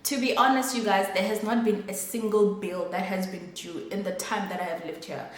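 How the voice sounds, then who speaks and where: A woman's voice: mid-range voice, steady tone, normal speed. A young adult woman vlogger telling a story to her viewers in a chatty, exasperated way. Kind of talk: casual storytime. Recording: echoey room.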